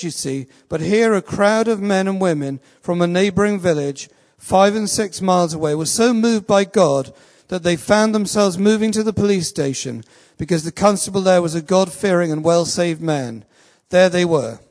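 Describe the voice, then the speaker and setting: High-voiced preacher in an echoing hall. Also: male voice, darkish tone. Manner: earnest, slow and emphatic, reading a testimony aloud. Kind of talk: sermon. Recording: long reverb of a large hall.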